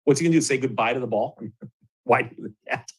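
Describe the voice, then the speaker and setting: A middle-aged man from Michigan, hosting a show and telling a story in a casual, animated way, chuckling now and then and restarting his sentences. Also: medium pitch, fairly quick, slightly rough, low-quality recording. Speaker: host.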